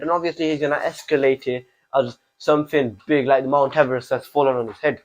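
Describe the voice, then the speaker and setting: Speaking a little high and a little fast in a steady tone, a teenage channel host, fifteen years old, gives a passionate opinion monologue full of repeated rhetorical questions. The audio is poor.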